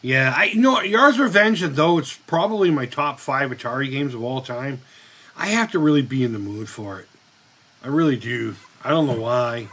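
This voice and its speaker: A man's voice: mid-range voice, lively intonation, normal speed, fairly bright tone, low-quality recording. A middle-aged man, chatting casually on a live stream while gaming, rambling and swearing often at the game. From Boston area. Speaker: streamer playing retro games. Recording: music playing behind the voice.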